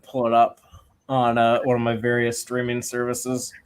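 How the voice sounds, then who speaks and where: Male guest, easy chatty tone, mid pitch. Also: monotone, normal speed, clean tone. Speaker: guest joining the commentary. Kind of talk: casual chat.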